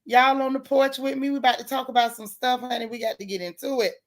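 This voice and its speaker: A woman's voice: high-pitched, steady tone, fast. A woman hosting a casual livestream, chatting with viewers by name and joking about the news in slang. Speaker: livestream host.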